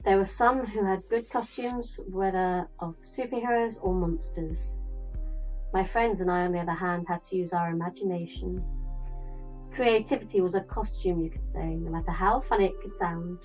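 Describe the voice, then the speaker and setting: A young woman playing a visual novel, reading its text aloud and breaking off into chatty, animated stories. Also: lowish voice, normal speed, faint music behind, poor audio. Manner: chatty, dramatic, animated storyteller. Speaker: gaming YouTuber.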